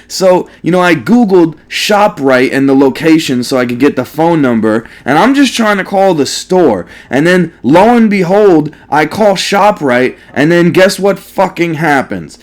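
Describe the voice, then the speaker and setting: Man, high-pitched, gaming commentator ranting, profane, repetitive rhetorical questions. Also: animated, normal speed. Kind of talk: ranting storytime over gameplay.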